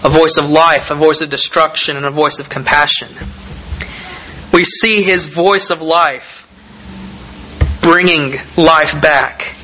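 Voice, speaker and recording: A man preaching a sermon, reading scripture aloud and explaining it in a measured, deliberate way with emphatic pauses. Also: on the high side, steady tone, sharp tone, a little hiss or hum, poor audio.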